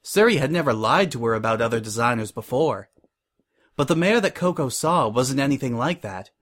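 A man narrating a fan-fiction story in a steady reading voice. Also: medium pitch, a little fast.

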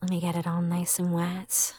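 A young woman playing a teasing, bossy roommate, speaking in a hushed, playful way with frequent soft laughs in an intimate audio role-play. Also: lowish voice, completely flat delivery, normal speed, no room sound, studio quality, natural voice.

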